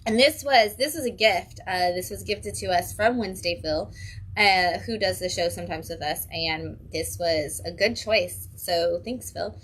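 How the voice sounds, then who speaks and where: A woman's voice: on the low side, unhurried, fairly bright tone, slightly rough. A woman hosting a casual livestream from a comic book shop. She is chatty and upbeat and drops in frequent ums.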